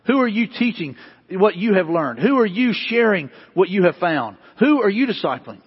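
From the pulpit, a man with a high, husky voice preaches at a normal pace, his pitch swinging widely as he repeats questions and surges into emphatic bursts. The recording of this pastor's sermon is dull and lo-fi, with a long church-hall reverb.

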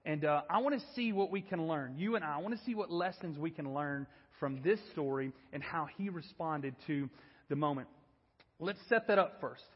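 A man in his thirties preaching a sermon, telling a story in an animated, self-deprecating way. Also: a little high, moderate pace, breathy edge, long reverb tail, highs cut off. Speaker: pastor. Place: church.

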